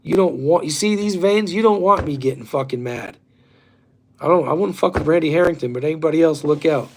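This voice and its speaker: A man's voice: a little high, brisk, a little mellow. A man in his forties hosting a livestream, talking in a rambling, profane and fired-up way. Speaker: livestream host. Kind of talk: rambling casual chat.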